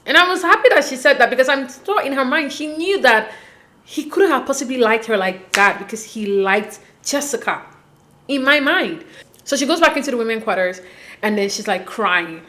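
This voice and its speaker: Woman, slightly high voice, gossipy recap host, chatty, opinionated. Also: lively intonation, pushed and bright. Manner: chatty, opinionated, quick to laugh. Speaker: reality show recap host.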